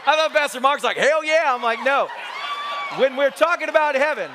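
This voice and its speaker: A man's voice: very high-pitched, brisk, background noise. A male pastor preaching a sermon, telling a story with jokes and acting out quotes. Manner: animated, joking, acts out quotes. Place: church sanctuary.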